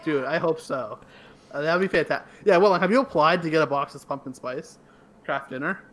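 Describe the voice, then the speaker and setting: Male podcast co-host, sharp, fast-talking, eager. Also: a little high. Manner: eager, jokey, quick to chime in. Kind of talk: casual podcast chat.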